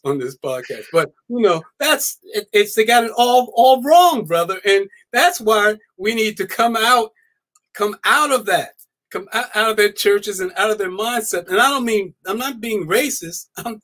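A man speaking as a guest scholar in a live-stream interview, emphatic and animated, often repeating his key words. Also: sits high.

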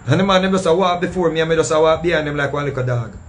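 High-voiced man with a Jamaican accent. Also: very fast, slight background noise. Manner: animated, acting out what others said. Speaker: storyteller recounting a past show. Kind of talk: casual storytelling in patois.

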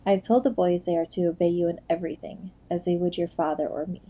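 An anxious noble mother, put on by a woman reader speaks earnestly, firm yet pleading. The voice sits low and very mellow, in a storybook telling. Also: fairly even intonation, fast talker, lo-fi sound, close to an everyday voice.

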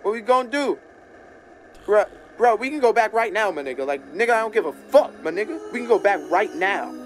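Man voicing a pushy young man, fast, low-volume, a bit higher than natural. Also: expressive, over music. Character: young man urging his friends in a car.

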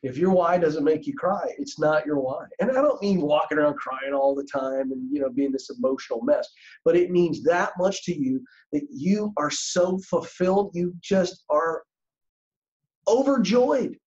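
Middle-aged male podcast guest, warm dark tone, earnest and emphatic, slightly muffled lo-fi recording. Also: on the high side, animated, moderate pace. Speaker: career coach guest. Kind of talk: podcast interview.

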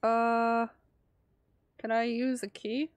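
A woman's voice: fairly high pitch, level tone, slow, clean tone, dry recording, soft background music. Chatty woman streamer, swearing freely. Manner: chatty, swears, frantic bursts. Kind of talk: live gameplay commentary.

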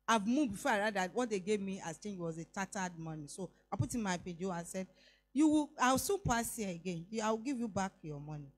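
A middle-aged woman with a Nigerian accent, preaching a sermon and telling a personal story, slipping into Yoruba phrases. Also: medium pitch. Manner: emphatic, voice rising on declarations.

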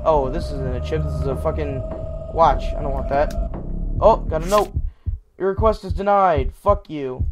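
Jumpy, foul-mouthed high-voiced man. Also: normal speed, background noise. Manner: jumpy, swears often, talks to game characters. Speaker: gaming YouTuber. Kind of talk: horror gameplay commentary.

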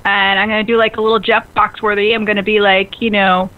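A woman hosting a radio talk show in an excitable, bubbly way, often laughing at herself. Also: medium pitch, fast. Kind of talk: casual radio chat. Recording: lo-fi phone-like radio audio.

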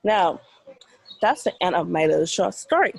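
Lively Bahamian woman telling a story. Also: lowish voice, moderate pace, gravelly, rough recording. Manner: dramatic, sound effects. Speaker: teacher and storyteller. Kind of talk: storytelling to children.

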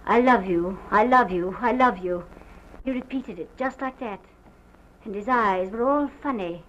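Distraught young wife, halting and theatrical, played by an actress, dull hissy 1929 film sound. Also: female voice, a little high, natural voice. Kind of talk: early sound film drama. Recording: dull lo-fi early film soundtrack with faint hiss.

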